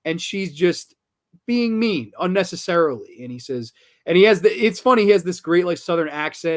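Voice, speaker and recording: A man's voice: a little high, animated, brisk. A man hosting a horror film review show, talking casually and enthusiastically, with casual swearing and lots of restarts.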